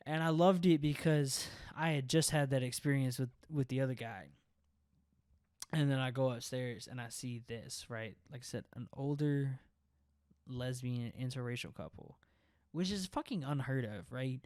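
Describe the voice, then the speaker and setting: A young man hosting a podcast, telling a story in casual, profane chat, animated and often breaking into laughter. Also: fairly high pitch, moderate pace, dry recording, clean studio sound. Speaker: podcast host.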